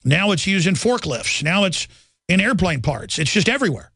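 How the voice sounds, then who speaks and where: A man's voice: sits high, sing-song, moderate pace, gravelly, sharp tone, slightly rough, no room sound. A man hosting a talk radio show, ranting intensely and mocking officials in exaggerated voices.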